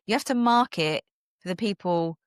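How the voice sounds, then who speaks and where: An upbeat British woman coaches her listeners through a solo podcast, punchy and emphatic, with a middling pitch. The sound is dry and close, with no room around her voice. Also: normal speed, smooth, dry recording. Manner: energetic, emphatic, motivational, laughs often. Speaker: podcast host and business coach.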